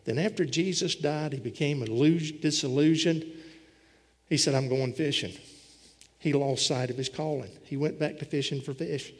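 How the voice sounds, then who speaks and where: A man delivers a sermon with a homespun, storytelling touch. His voice sits a little higher than most men's. Everything rings with the long reverb of a large hall. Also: normal speed, husky. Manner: folksy storytelling preacher, voicing scripture characters. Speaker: pastor.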